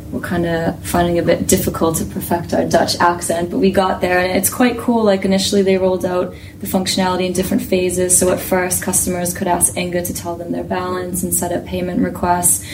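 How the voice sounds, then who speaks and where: Woman, podcast co-host, low flat delivery, distant mic, noise audible behind. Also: fairly quick. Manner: even, explanatory, filler-laden. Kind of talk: casual panel discussion.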